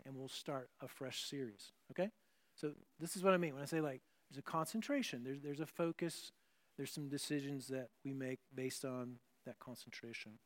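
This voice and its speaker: A man pastor giving a conversational sermon, often restarting phrases and adding asides. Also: fairly high pitch.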